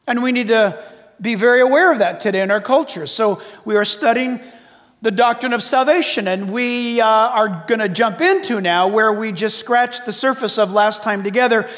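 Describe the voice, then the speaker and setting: An older man preaching a sermon as pastor, emphatic and shouting at times, then dropping to soft asides. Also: high-pitched, normal speed, big-room sound.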